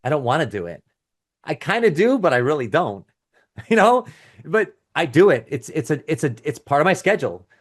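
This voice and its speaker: A man's voice: fairly high pitch, very animated, normal speed. Middle-aged man coaching on a webinar. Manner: casual and conversational, with restarts and asides; reads out audience chat comments. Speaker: business coach. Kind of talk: live webinar teaching.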